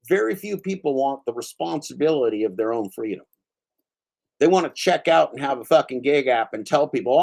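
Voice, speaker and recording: The host of his own channel, a man with a fairly high, creaky, slightly mellow voice, delivers an angry, profane rant and calls out a commenter by name.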